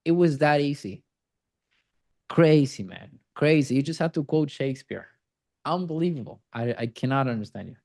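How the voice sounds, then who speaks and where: Blunt, mellow-voiced male sales coach. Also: on the high side, lively intonation, normal speed, creaky. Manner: blunt, profane, teasing. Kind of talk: group coaching call.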